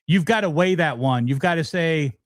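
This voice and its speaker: A man's voice: a little high, normal speed, dry recording. A middle-aged man hosting a casual guitar livestream, talking frankly and rambling, with lots of restarts. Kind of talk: casual livestream chat answering viewers.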